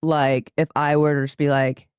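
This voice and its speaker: A woman game streamer chatting casually and rambling on a desk microphone, laughing often, her voice jumping higher when she gets excited. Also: normal speed, smooth, no echo, clean studio sound. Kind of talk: casual live-stream chat. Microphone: desk microphone with headphones.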